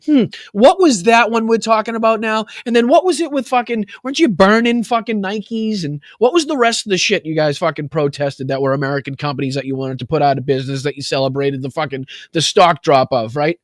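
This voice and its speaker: A man's voice: sits high, brisk, few pauses, no echo, studio quality. A male political talk show host ranting angrily and mockingly, swearing constantly. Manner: angry, heavy swearing, mocking. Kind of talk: profane political rant.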